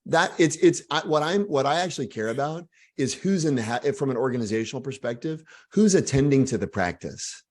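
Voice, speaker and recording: A man from Texas, in his forties, speaking as a guest author in a casual interview, animated and full of asides and jokes. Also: mid-range voice, brisk, few pauses. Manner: energetic, animated storyteller with frequent asides and self-deprecating humor.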